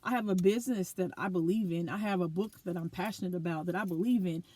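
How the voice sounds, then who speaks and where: Woman talking straight to camera in her vlog, earnest and lively, dry no-echo sound. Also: fairly low pitch, fast. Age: adult with a school-age daughter. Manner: earnest, animated, reflective. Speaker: vlogger. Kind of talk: personal vlog monologue.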